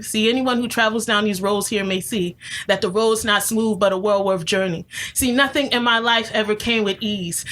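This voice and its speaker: A woman's voice: on the high side, a bit bright. A woman from New Jersey performing an emotional spoken-word poem, with a rhythmic, emphatic delivery that keeps returning to "see". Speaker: guest poet.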